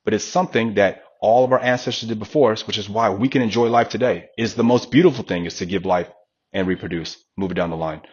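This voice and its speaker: A man's voice: fairly low pitch, quick pace, slightly rough, highs cut off. A man in his thirties, a fitness coach, talking in a casual podcast conversation and acting out the voices of the people he quotes. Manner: animated storyteller, acts out quoted voices.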